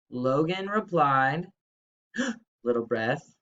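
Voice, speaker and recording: Brief: bright, upbeat young male teacher giving a remote lesson, lo-fi home mic. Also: medium pitch, expressive, extremely slow, long pauses. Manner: upbeat, playful, exclamatory. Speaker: third grade teacher. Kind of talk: recorded remote grammar lesson.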